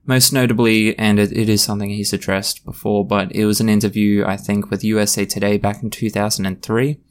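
A man's voice: lowish voice, level tone, brisk, slight background noise. A man hosting a solo podcast, talking in a blunt, passionate, ranting way. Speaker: podcast host.

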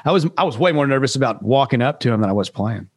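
A man's voice: medium pitch, lively intonation, quick pace, slightly rough, dry recording, clean studio sound. Laid-back man telling a story. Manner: laid-back, rambling with restarts and laughs. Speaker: musician guest. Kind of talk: casual storytelling interview.

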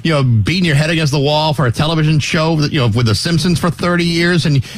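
Male host, wry and chatty, steady mid voice, recorded dry. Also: on the high side, quick pace, no room sound. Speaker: radio host. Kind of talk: casual interview.

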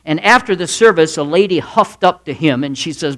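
A man's voice: fairly high pitch, animated, fairly quick, a bit bright. A male pastor giving a Wednesday night sermon in a folksy manner, mixing stories, jokes and asides. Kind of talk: midweek church sermon.

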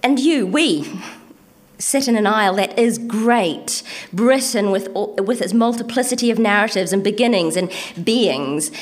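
A woman with an animated, medium-pitched voice and an Antipodean accent performs poetry she wrote herself. The delivery is rhythmic and measured, marked by deliberate pauses, and she talks casually and hesitantly between pieces.

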